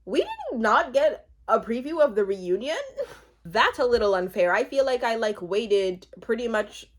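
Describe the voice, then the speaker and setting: A woman's voice: fairly high pitch, unhurried. A woman giving a casual, chatty recap of a reality show, laughing often as she talks. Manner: chatty, giggly and expressive, with frequent laughs. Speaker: TV recap vlogger.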